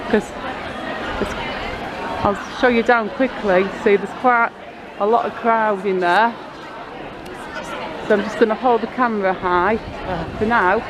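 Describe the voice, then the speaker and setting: Her medium-pitched voice stays steady and measured, pausing often, while a crowd can be heard in the background. The woman, from Blackpool, England, is vlogging on a busy town street with a handheld camera mic, rambling casually through a story against the street noise.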